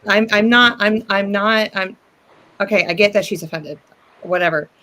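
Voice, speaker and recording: An adult with a Northern US accent that drifts Southern, chatting casually as a co-host in a relaxed, rambling way. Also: mid-range voice, normal speed. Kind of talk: casual chat.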